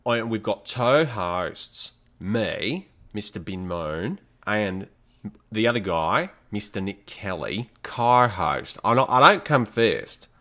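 Man doing a hammy mock-Australian show host, slow, bright, sing-song. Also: fairly low pitch, animated, vocal fry, clear, resonant tone, heavily acted.

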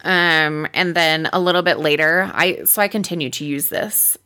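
In casual podcast chat, a woman co-host relates a story with animation, doing the voices of each person she quotes. Her low voice has a clean tone and a normal speed.

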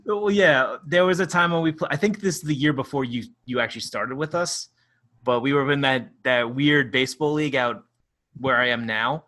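A man's voice: medium pitch, moderate pace, bright, forceful tone. A man co-hosting a podcast in casual chat, telling rambling stories with frequent laughs and swearing. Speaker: podcast co-host.

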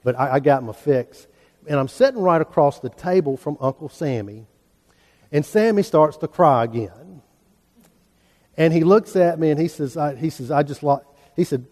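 A man's voice: medium pitch, expressive, moderate pace, darkish tone. A middle-aged man, preaching a sermon in an earnest, folksy storytelling manner. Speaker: pastor. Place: church sanctuary. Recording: preacher in a large reverberant church.

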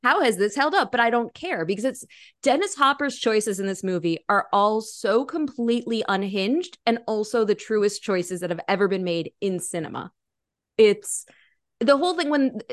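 A woman's voice: medium pitch, no echo, studio quality. A woman hosting a podcast, chatting animatedly about films. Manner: animated, enthusiastic. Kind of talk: casual film discussion.

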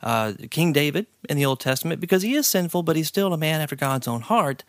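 A man hosting a podcast interview, who also teaches high school, talking in an earnest, halting way. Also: animated, dry recording, clean studio sound. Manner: earnest, halting, easily impressed. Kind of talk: casual interview chat.

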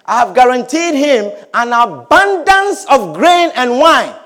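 A man preaching a sermon as a pastor, swinging between quiet, drawn-out words and shouted blessings. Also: very high-pitched, sing-song.

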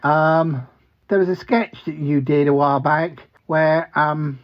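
A man's voice: fairly high pitch, fairly even intonation, slow, muffled recording. A man voicing a bumbling, cheerful male talking duck who quacks between sentences and stammers. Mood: earnest. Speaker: regular comedy character.

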